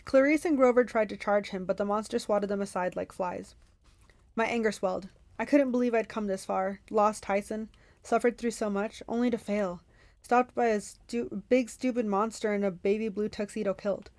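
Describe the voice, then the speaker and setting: A woman hosting a book club, reading a novel aloud expressively with quick self-corrections. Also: mid-range voice, steady tone, a little mellow, no room sound.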